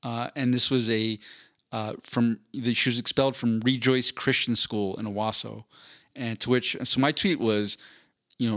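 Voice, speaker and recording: A man's voice: mid-range voice, moderate pace. A man co-hosting a podcast in casual chat, reading out tweets and his crude joke replies. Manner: joking, crude, animated when quoting. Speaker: podcast co-host.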